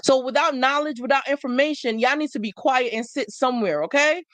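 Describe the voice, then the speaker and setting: A woman's voice: sits high, brisk, fairly bright tone, dry recording. A woman hosting a live stream, talking in an emphatic, preachy way and repeating phrases for effect. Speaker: livestream host. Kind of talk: motivational live talk to viewers.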